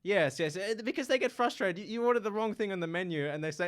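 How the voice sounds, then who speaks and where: A young man, a student guest in a casual chat, talking in a halting, playful way and repeating words. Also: high-pitched, expressive. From Australia.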